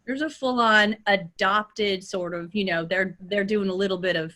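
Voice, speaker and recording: California lady dialect coach, bright crisp voice, lively and hands-on, keeps asking right?. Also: mid-range voice, normal speed, hardly any pauses. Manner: lively, demonstrative, asks "right?" often. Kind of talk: teaching pronunciation in a workshop.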